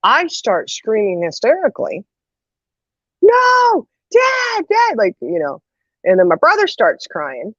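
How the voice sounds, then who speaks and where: Her voice is medium in pitch and slightly rough, moving at a normal speed as she hosts an easygoing chat about a funny family episode. She stays animated, laughs frequently, and acts out what people said, all on dull lo-fi audio with no room sound.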